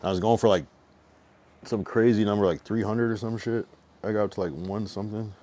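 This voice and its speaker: A man's voice: lowish voice, fairly even intonation, a little fast, mellow, slight background noise. Tipsy young man rambling on stream. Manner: loose, rambling, heavy slang and swearing. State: drunk and overfull, a bit out of breath. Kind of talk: casual livestream chat.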